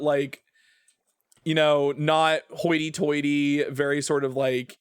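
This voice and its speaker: A man's voice: fairly high pitch, fairly bright tone, clear, resonant tone, dry recording. Chatty man rambling on a stream. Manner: rambling and chatty, trails off mid-thought, laughs often. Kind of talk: casual gaming stream chat.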